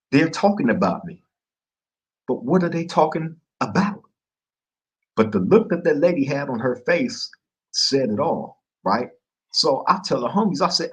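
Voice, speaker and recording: Man, podcast host, husky, medium pitch, casual street-slang storytelling, acts out quotes. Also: unhurried, long pauses, low-quality recording. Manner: street slang, animated retelling with acted-out quotes.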